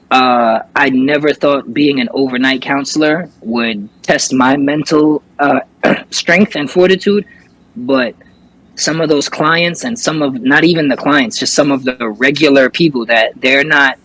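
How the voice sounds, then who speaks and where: A man's voice: mid-range voice, a bit bright, no room sound, low-quality recording. Rambling young man telling a story. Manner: rambling, many fillers and restarts. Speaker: interview guest, recording artist and streamer. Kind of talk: casual storytelling.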